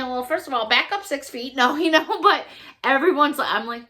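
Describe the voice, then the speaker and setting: A woman's voice: high voice, expressive, moderate pace, bright, forceful tone. A middle-aged woman chatting casually to camera as a YouTuber opening fan mail, effusive and full of thanks and exclamations.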